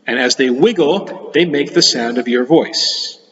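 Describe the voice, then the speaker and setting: A man's voice: mid-range voice, measured pace, a bit bright. Guy teaching a kids science class, chatty, shows stuff as he goes, muffled sound w a long echo tail. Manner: chatty, explains with demonstrations. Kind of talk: classroom lesson for children. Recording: dull sound with long reverb.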